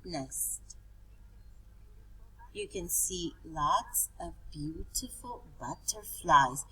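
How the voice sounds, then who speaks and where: Slow, breathy woman teaching little kids. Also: deep voice, animated, bright, forceful tone, low-quality recording. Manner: slow, sing-song and pointing things out. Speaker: preschool teacher. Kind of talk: teaching young children.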